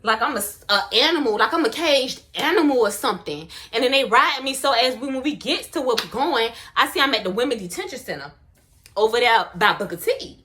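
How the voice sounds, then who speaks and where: A young woman, telling a personal story in a casual, slangy and expressive way. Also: fairly high pitch, fairly quick. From Miami, US. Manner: animated, slangy, expressive retelling.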